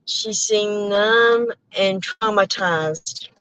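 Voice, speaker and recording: A woman's voice: mid-range voice, very slow, fairly bright tone, slight background noise, rough recording. A woman chatting casually with live viewers from her car, rambling and breaking off with laughs, a little out of breath. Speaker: channel host. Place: in a car while driving. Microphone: headphones with mic.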